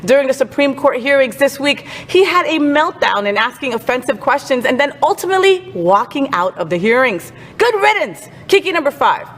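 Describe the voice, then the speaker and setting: A woman's voice: high-pitched, fairly bright tone, big-room sound. A woman hosting a casual entertainment news chat, sassy and outspoken. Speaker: host.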